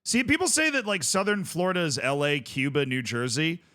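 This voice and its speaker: A man's voice: fairly high pitch, brisk, pushed and bright. A man streaming a game, chatting casually with viewers in rambling, jokey asides. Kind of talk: casual gaming stream chat.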